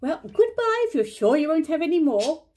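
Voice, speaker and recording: An older woman voicing a fussy, brisk male rabbit from a storybook, with an emphatic, raised delivery. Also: high voice, big pitch swings, darkish tone, pitched above the performer's own voice.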